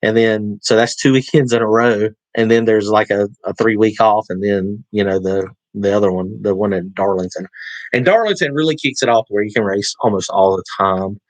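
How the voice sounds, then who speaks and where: A Southern US man hosts a laid-back live stream in a lowish voice, chatting loosely and reading out viewer comments as they come. His speech wanders with plenty of fillers and restarts. The sound is dry and close, with little room echo. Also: normal speed. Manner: rambling, with many fillers and restarts; reads and answers viewer comments. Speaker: livestream host. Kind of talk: casual livestream chat.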